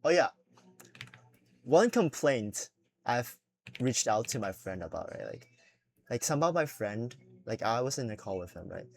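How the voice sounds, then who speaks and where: A young man chatting casually while he draws, rambling with lots of fillers and swearing, a little self-conscious. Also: on the low side. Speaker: drawing vlogger. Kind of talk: casual unscripted talk while drawing.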